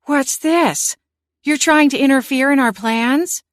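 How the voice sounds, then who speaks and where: A woman's voice: fairly high pitch, normal speed, no room sound, studio quality, pitched above the performer's own voice, lightly acted. A woman voicing a fiery, stubborn elderly witch aunt in a cozy audiobook who snaps back indignantly. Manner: indignant, sharp comebacks.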